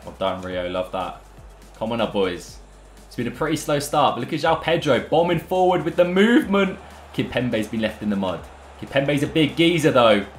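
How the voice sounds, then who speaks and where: An excitable young man bantering his way through live football game commentary. His voice sits in a roomy, echoing space with faint music playing underneath. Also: mid-range voice, normal speed. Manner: excitable, banter-filled, addresses viewers as lads and boys. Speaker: gaming YouTuber.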